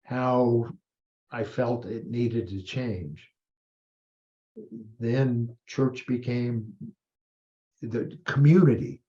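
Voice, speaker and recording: Slow, mellow-voiced older man reflecting. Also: medium pitch, muffled recording. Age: 70s. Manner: slow and thoughtful, halting with pauses and self-corrections. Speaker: guest, priest and retired army colonel. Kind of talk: reflective interview talk.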